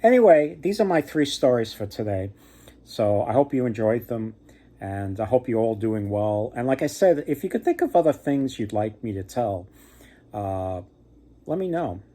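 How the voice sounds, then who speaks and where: A man's voice: mid-range voice, expressive, moderate pace, warm tone. A man hosting a casual myth retelling, rambling with lots of fillers and joking asides. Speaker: mythology storyteller host.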